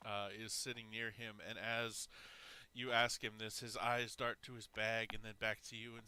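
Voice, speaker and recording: A man's voice: fairly low pitch, little pitch movement, moderate pace, bright, forceful tone, clear, resonant tone. A man running a tabletop game as game master, narrating with many hesitations.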